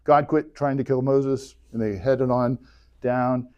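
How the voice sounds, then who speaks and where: A man's voice: mid-range voice, steady tone, a little slow, darkish tone, clear, resonant tone, muffled recording. A man teaching an adult class in a church classroom, retelling a story casually and with humor. His mid-range voice is conversational, and he slips into voices as he goes. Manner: chatty and joking, acting out dialogue.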